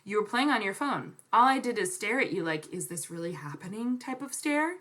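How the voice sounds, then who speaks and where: A woman's voice: on the high side, animated, fairly quick, a bit bright. A young woman co-hosting a podcast who talks casually and teases her co-host playfully. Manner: teasing, playful reader. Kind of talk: casual chat.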